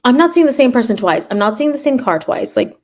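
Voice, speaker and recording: A woman on a podcast telling a personal story in a casual, animated way, full of fillers and quoting herself. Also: a little high, fast. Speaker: guest, third grade teacher.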